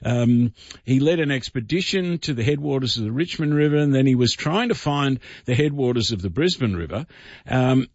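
A man's voice: medium pitch, expressive, normal speed, darkish tone, no echo. A man telling history stories on the radio, in a rambling way with many fillers and restarts. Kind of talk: casual radio storytelling. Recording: dull dry radio studio sound.

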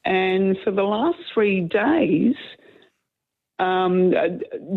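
A woman calling into a talkback radio show, hoarse from a cold, talking earnestly and rambling with restarts. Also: mid-range voice, lively intonation, extremely slow. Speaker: caller. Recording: tinny phone line.

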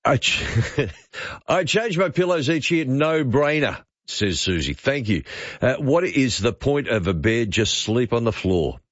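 A man's voice: mid-range voice, very animated, a little slow, fairly bright tone, no echo. An Australian man hosting overnight talk radio, chatty and wry as he reads out listener messages. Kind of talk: late-night talk radio chat. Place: radio studio. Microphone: studio microphone. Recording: slightly dull broadcast audio.

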